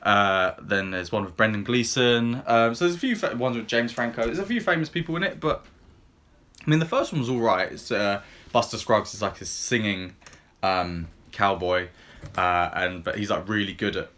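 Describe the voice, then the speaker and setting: A man with a lowish voice talks at a normal speed while co-hosting a podcast. He reviews films in a relaxed, casual chat, rambling through scene retellings in plain everyday language stuffed with ums and likes.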